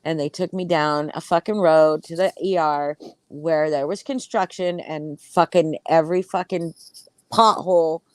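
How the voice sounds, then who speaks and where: Low-voiced woman telling a profane story. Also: steady tone, a little slow, dry recording. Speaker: podcast host. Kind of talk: casual chat.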